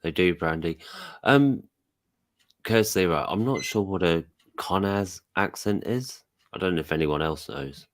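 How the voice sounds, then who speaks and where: A man in a casual live chat, reading out viewer comments and agreeing with fillers in an unhurried way. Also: sits low, no room sound.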